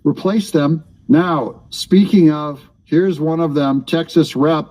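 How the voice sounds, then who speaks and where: A man's voice: fairly high pitch, slow pace, a little mellow, low-quality recording. A man hosting his own commentary channel, talking back at clips in a mocking, sarcastic way.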